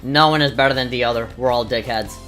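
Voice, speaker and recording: A woman's voice: extremely low pitch, fast talker, a bit bright. A woman commentating a video game in a crude, sarcastic, jokey way, with game music behind. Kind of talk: let's play commentary.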